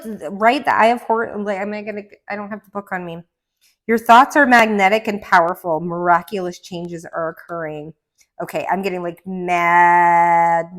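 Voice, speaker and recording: A woman giving a casual tarot card reading at home, rambling and excitable, with gasps and laughs between her thoughts. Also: on the low side. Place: indoor room. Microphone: camera mic.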